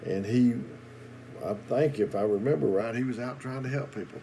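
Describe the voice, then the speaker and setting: A middle-aged man preaching in a recorded sermon video, telling folksy stories with halting pauses and repeated words. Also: medium pitch, warm tone, slight background noise, low-quality recording.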